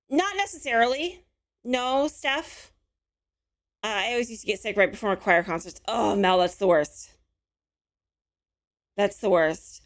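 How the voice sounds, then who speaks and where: A chatty woman streamer with a slightly hoarse voice talks easily to her viewers, reading and answering their messages as she goes. Her pitch rises and falls a lot. She keeps a friendly, casual tone throughout. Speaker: live-stream host.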